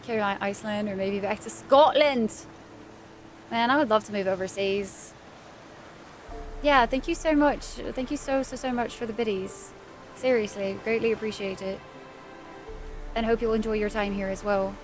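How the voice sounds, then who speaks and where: A woman's voice: mid-range voice, normal speed, pauses often. A woman live streamer chatting casually with viewers while playing a game, thanking people by name and laughing easily. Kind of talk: casual chat while gaming. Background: faint game music.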